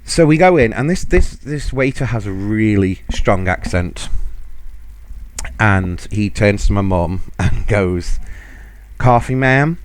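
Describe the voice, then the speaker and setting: A man's voice: fairly low pitch, measured pace. A man hosting a podcast, chatting casually and laughing often as he tells a story. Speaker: podcast host.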